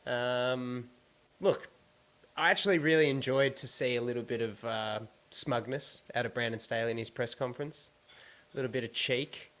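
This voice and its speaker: Easygoing Australian podcast host. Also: male voice, mid-range voice, normal speed, fairly bright tone. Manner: easygoing, runs through team news plainly. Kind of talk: casual sports podcast chat.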